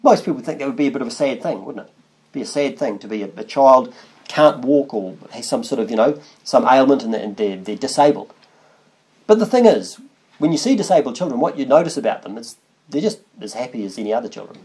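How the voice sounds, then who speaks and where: A man's voice: medium pitch, lively intonation, fairly quick, darkish tone. A man preaching a conversational sermon that wanders and restarts, reading long scripture passages aloud. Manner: conversational, rambling, with restarts and asides.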